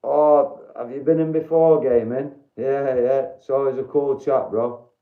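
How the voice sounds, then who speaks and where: A Yorkshire-accented man hosts a relaxed livestream, talking bluntly and swearing freely as he greets viewers by name. His voice sits at an ordinary pitch and carries a noticeable room echo. The audio is slightly dull and muffled. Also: measured pace. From Doncaster, Yorkshire, England. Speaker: livestream host. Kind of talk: casual livestream chat with viewers.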